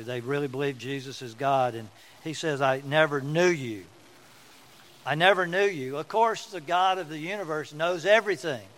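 A man's voice: on the high side, a bit bright, slight background noise, poor audio. A man preaching a sermon as pastor, telling folksy stories and repeating words for emphasis.

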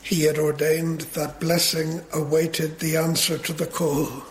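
A man preaching a sermon in a measured way, building to emphatic peaks. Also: a little high, little pitch movement, a little hiss or hum.

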